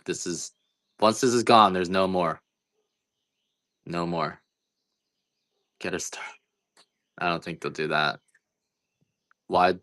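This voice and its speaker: This man's voice sits low with a bit of brightness as he hosts a relaxed coffee-selling livestream. He rambles, jokes, and makes fun of himself throughout the chat.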